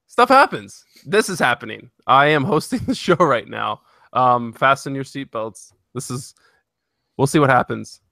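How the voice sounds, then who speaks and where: A man's voice: mid-range voice, moderate pace, vocal fry, pushed and bright, no echo, clean studio sound. A man hosting a casual gaming podcast, laughing often between his words. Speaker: podcast host.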